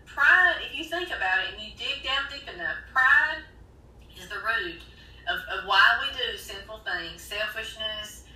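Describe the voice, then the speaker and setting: A woman's voice: on the high side, unhurried, pushed and bright, recorded from a distance. A woman guest in a casual faith talk, making her points with emphatic, teaching conviction. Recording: echoey room, off mic.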